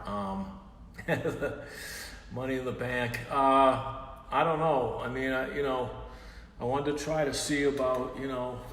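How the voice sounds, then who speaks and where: Exasperated male stream host, bright voice, calls out loudly, mutters curses, echoey room with long reverb. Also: mid-range voice, slight background noise. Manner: exasperated, shouting to get an answer, muttering curses under his breath. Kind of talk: casual live-stream comedy bit.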